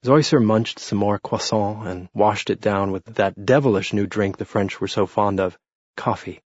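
A man narrating an audiobook in a steady, measured storytelling manner, close to the mic. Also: on the low side, no echo, dull audio. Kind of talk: scripted narration.

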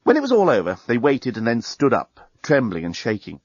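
A man narrating a story aloud in an expressive, lively reading. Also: mid-range voice, brisk, breathy edge, dry recording. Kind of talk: audiobook narration. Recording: dry, slightly muffled.

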